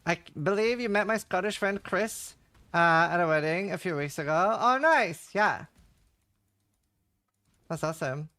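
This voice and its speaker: Man, slightly high voice, rambling casual streamer chatter. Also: expressive, unhurried, long pauses, pushed and bright. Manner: chatty, rambling, heavy use of "like". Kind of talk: casual livestream chat while gaming.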